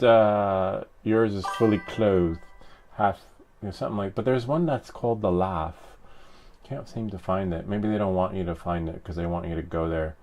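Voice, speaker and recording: Chatting loosely with the people watching his live stream, a 3D printing hobbyist rambles, teases, and fills the air with fillers and chuckles. His voice is fairly low and darkish, with a slight hiss or hum in the audio.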